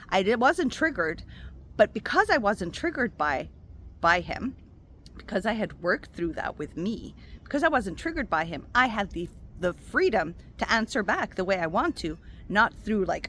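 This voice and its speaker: Animated woman giving a spiritual pep talk. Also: medium pitch, moderate pace, slight background noise. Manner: animated and expressive, acts out quoted voices; affectionate, addresses listener as "my love". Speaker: spiritual coach and intuitive healer. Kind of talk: casual motivational talk to camera.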